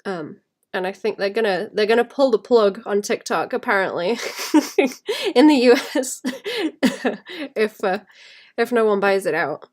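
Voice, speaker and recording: Woman illustrator, casual drawing-stream chat, mid-pitched, rambling and laughing softly. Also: lively intonation, unhurried. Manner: rambling, thinks aloud, often laughs softly.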